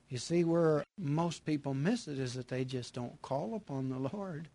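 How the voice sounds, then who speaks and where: A man preaching a sermon, repeating his phrases with emphasis and moving between loud bursts and hushed lines. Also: fairly high pitch, a little slow, dry recording.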